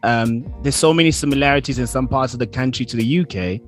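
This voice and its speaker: A man's voice: medium pitch, fast talker. A man with a South African accent hosting a radio interview, upbeat and playful, speaking straight to listeners. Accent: South African English. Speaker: radio host. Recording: faint music behind.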